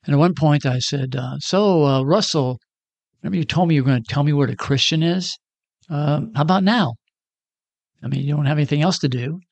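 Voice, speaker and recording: Brisk and a little high, with vocal fry and no room sound, this sixty-something storyteller shares a personal testimony. He keeps it casual and pokes fun at himself, performing the dialogue as he goes.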